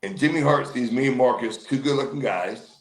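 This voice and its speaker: A man's voice: medium pitch, fairly quick, low-quality recording. A man in his fifties, a former pro wrestler, telling stories as a guest in an interview. He rambles with fillers and restarts, and acts out the people he quotes in a livelier voice. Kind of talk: casual storytelling in an interview.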